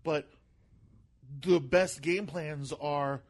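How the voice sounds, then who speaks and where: Rambling, gentle-voiced man on a podcast. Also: a little high, fairly even intonation, extremely slow. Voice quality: voice sounds soft and gentle for his look. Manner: rambling, repeats words and restarts often. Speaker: comedian guest. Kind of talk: casual podcast chat.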